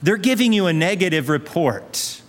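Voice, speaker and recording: A high-pitched, animated male preacher urges his audience at a moderate pace, leaning on repeated phrases and rhetorical questions. The sound rings with the long reverb of a large hall.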